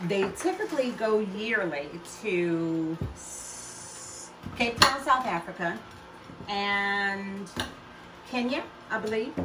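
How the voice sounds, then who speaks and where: Chatty older woman in a noisy kitchen. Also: mid-range voice. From United States. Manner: chatty, warm asides, laughs often. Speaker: home juicing vlogger. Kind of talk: casual chat to camera. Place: home kitchen with running juicer. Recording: roomy kitchen, mic at a distance, loud appliance noise.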